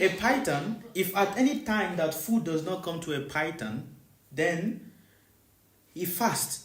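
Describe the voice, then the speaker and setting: Spiritual teacher preaching live, repeats stuff a lot, keeps asking do you understand, bouncy pitch, echoey room. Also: slight background noise. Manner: repeats rhetorical questions to listeners; repetitive, emphatic preaching.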